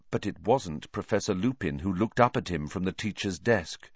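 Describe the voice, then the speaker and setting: A man narrating an audiobook in a lively, expressive storytelling manner. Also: sits low, normal speed, husky, dry recording. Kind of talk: scripted narration. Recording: dull lo-fi dry recording.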